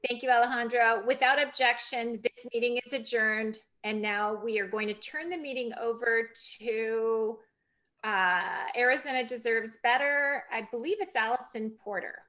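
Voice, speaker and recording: A woman's voice: on the high side, moderate pace. Woman chairing a meeting on a video call. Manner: warm thanks, chatty with fillers. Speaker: county party chair.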